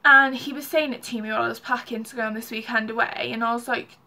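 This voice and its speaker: Chatty young woman, bright voice. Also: fairly high pitch, steady tone, fast talker. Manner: chatty, heavy use of "like". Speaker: vlogger. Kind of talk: casual personal storytelling.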